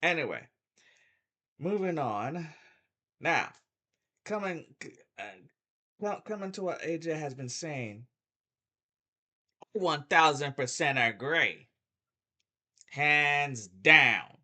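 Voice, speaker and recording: This is a middle-aged man ranting into his camera about sports. His voice is bright and sharp, and it climbs and drops freely as he works himself up. He speaks slowly, repeats himself, and trips over his words before pushing on. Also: a little high, animated. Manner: heated, repetitive ranting, stumbles and restarts. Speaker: sports fan vlogger. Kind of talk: casual opinion rant.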